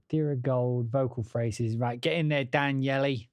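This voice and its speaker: A man's voice: medium pitch, fairly even intonation, unhurried, no echo, studio quality. Muttering, self-mocking man. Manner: muttering, self-deprecating, swears at himself. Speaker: composer live-streaming. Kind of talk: casual live-stream chat. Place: home studio at a desk.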